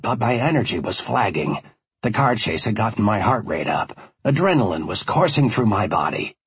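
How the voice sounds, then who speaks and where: A man's voice: lowish voice, breathy edge, no room sound. A man narrating a first-person audiobook in a wry, conversational storytelling manner.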